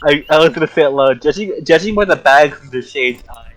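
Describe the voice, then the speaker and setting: A man's voice: on the high side, expressive, brisk, no echo, rough recording. A man playing a tabletop game, joking and rambling with the group. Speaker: player. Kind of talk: casual tabletop game chat.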